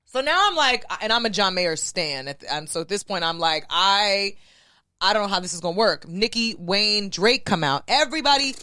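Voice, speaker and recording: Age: 30s. Sex: woman. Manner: lively storyteller. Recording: dry. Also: mid-range voice, normal speed, no room sound. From New York City. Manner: animated, acts out quoted voices of others. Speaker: podcast guest. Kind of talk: casual storytelling chat.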